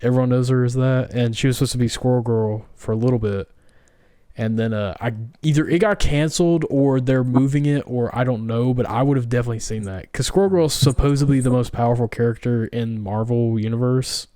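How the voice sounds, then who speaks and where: A man's voice: medium pitch, brisk, warm tone, clean tone, no room sound, clean studio sound. A man co-hosting a podcast in casual chat, rambling and full of fillers. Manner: rambling, full of likes and ums. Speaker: podcast co-host. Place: home, on a live stream.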